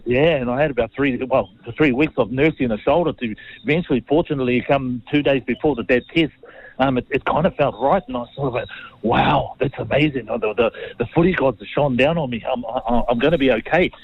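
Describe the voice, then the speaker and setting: Dull audio carries the medium-pitched, slightly quick voice of a New Zealand man in his fifties. A former rugby league player, he's an interview guest telling rambling, self-deprecating stories in a casual way.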